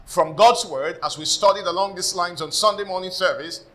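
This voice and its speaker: A man's voice: sits high, normal speed, a bit bright, low-quality recording. A man with a Nigerian accent preaching a sermon to a church congregation, emphatic and often calling for responses. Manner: emphatic preaching with rising intensity. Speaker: pastor. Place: church service.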